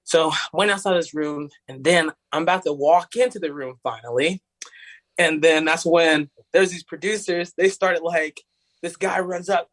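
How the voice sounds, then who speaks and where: A man's voice: a little high, moderate pace, a bit bright. A young man from Tennessee, telling a story in a rambling, casual way, full of "like". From Tennessee, USA. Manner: rambling, heavy use of "like", acts out voices of others. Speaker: podcast guest, singer.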